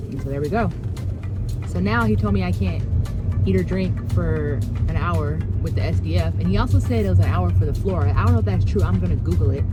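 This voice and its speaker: A woman's voice: lowish voice, poor audio. A woman dental hygienist chatting casually in a vlog, blunt and profane, acting out conversations. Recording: music playing behind.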